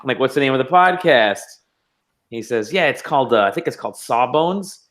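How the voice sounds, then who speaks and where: A man co-hosting a podcast in casual chat, relaxed, laughing often and raising his voice when he quotes people. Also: medium pitch, a little fast. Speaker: podcast co-host.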